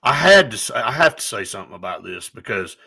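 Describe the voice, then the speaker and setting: A man hosting a casual sports talk show, telling stories in an animated, opinionated way. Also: fairly low pitch, fast talker, vocal fry, husky.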